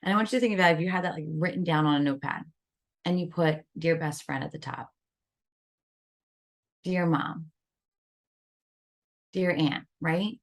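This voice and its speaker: On a wellness podcast interview, a woman with a low voice talks animatedly about stress and self-talk, acting out her inner critic's voice. She speaks at normal speed and pauses often.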